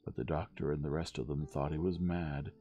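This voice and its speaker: A man gently reading a bedtime story aloud as the narrator. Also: a bass voice, fairly even intonation, fairly quick, soft background music.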